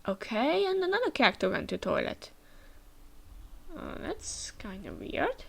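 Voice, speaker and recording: A woman's voice: on the high side, wildly swooping pitch, a little slow, creaky, pauses often. A woman hosting a manga reaction, chatting as she reads the panels aloud. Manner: chatty, with frequent fillers and restarts. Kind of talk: reading manga aloud with comments.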